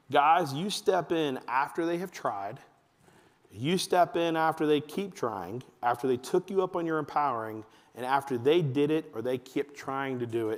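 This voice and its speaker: Animated man speaking to a church hall. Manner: animated storytelling, acts out his kids in a high voice. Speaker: men's ministry speaker. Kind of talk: church talk to a room of fathers. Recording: long hall reverb.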